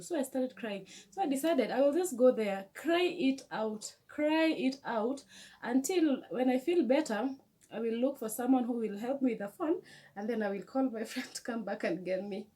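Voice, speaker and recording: A woman's voice: a little high, moderate pace, breathy edge. Kenyan woman telling an emotional story. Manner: animated, emotional retelling with many restarts. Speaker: vlogger. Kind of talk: storytime vlog.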